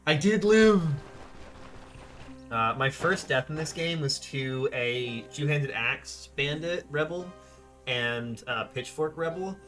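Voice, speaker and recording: Bright-voiced chatty male game streamer. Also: medium pitch, takes it slowly, soft background music. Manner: chatty, rambling, talks to viewers. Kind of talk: casual gameplay commentary.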